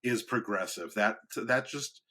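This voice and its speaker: A man co-hosting a podcast in loose, casual chat. His voice is bright and forceful. He rambles, restarts his sentences, and sounds amused by his own ideas. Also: lowish voice, unhurried, breathy edge. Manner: rambling, self-interrupting, amused. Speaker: podcast co-host.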